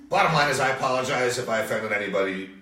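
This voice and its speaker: A man co-hosting a radio show from a home studio, chatting casually in a subdued, somewhat monotone way. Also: medium pitch, rapid-fire, reverberant, recorded from a distance.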